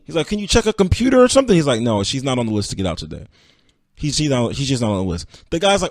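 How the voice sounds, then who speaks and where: A man hosting a podcast, retelling stories casually and acting out the people in them with sudden high-pitched outbursts. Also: sing-song, brisk, no room sound, studio quality. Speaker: podcast host. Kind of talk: casual storytelling recap.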